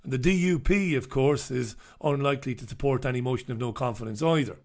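A man's voice: medium pitch, quick pace, darkish tone. A man hosting a live stream, running through newspaper stories and viewer comments with sardonic, rambling asides. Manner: sardonic, wry asides and scoffing; loose, rambling delivery with repetitions. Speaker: livestream host reviewing newspapers and viewer comments.

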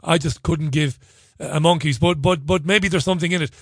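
A man's voice: a little high, brisk, no echo, clean studio sound. A man hosting a radio show, talking in a chatty, sarcastic, jokey way between stories and listener tweets. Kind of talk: opinionated radio monologue.

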